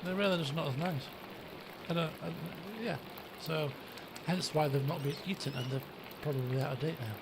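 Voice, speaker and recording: A man's voice: fairly high pitch, moderate pace, noisy background. A man with a British accent, casually commenting on a video game and reading its dialogue aloud with some drama. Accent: British English. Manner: chatty and rambling, turning dramatic when reading lines aloud. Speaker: let's play host. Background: game music.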